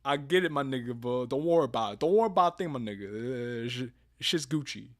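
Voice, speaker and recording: A man streaming a visual novel game, reading it aloud and commenting in loud, laughing, profane banter. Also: medium pitch, lively intonation, quick pace. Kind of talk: live let's-play commentary.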